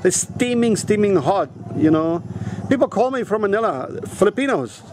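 A man talking to camera outdoors in a casual, rambling vlog, blunt and quick to swear. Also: sits high, animated, background noise. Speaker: vlogger. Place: outdoors at a resort in a town.

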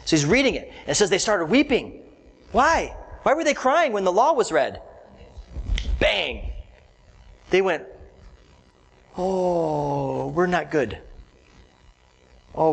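A man preaching a conversational Bible study sermon to a congregation, animated and direct, with asides to the listeners. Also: a little high, husky, poor audio. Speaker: pastor.

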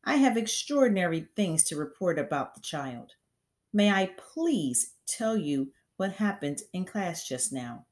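A woman voicing a gentle young teacher who pleads earnestly for her pupil, read from a storybook. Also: fairly low pitch, very animated, a little slow. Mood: earnest, pleading. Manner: pleading, raised and urgent.

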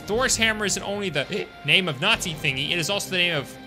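Man playing a boastful drunk soldier for a game voice; loud, high, hiccuping and slurred. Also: lively intonation, fairly quick, over music. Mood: tipsy, boastful.

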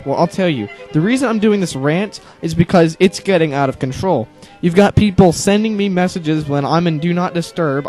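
In a ranting monologue on his channel, a teen YouTuber sounds exasperated and sarcastic, cursing often and imitating people in goofy voices. His voice is fairly high and a little mellow.

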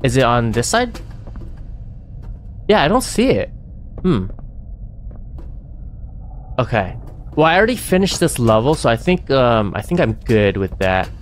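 A man's voice: mid-range voice, sing-song, measured pace, pauses often, a little hiss or hum. A man streaming himself playing a horror game, talking to himself with panicky yelps and nervous laughs. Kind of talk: let's-play commentary.

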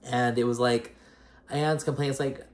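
Slightly slow and steady, with a medium pitch and a darkish tone, a man casually retells a reality show episode. His rambling recap is heavy with fillers like "like" and "girl."

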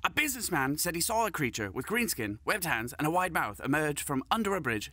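A man's voice: a little high, sing-song, brisk, hardly any pauses, pushed and bright, slight background noise. A man narrating comedy sketches in a dry, mock-serious scripted style.

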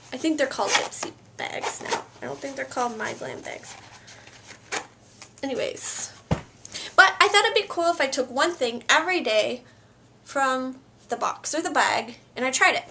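Bubbly, chatty woman vlogging from home; high, bright voice. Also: gravelly, slight background noise. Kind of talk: casual daily vlog chat. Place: home, indoors.

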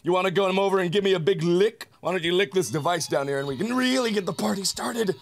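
A man doing let's-play commentary. He jokes, swears and yells as he plays. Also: high-pitched, fast talker. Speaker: gaming video creator.

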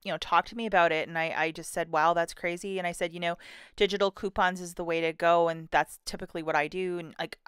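Chatty woman with a low, smooth voice. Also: fairly bright tone, dry recording, studio quality. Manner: chatty, many fillers, acts out her own thoughts. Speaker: couponing vlogger. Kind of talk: casual storytime.

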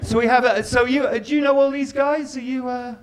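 This man's voice is very high-pitched, with a steady tone and a slightly fast pace. He's a comedian doing stand-up at a live show, bantering with and ribbing the crowd while laughter rings out.

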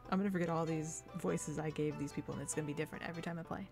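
This woman streamer talks to herself while playing a farming game, narrating every step in a chatty, casual way as game music plays. She has a deep voice with fairly even intonation, and she races through her words.

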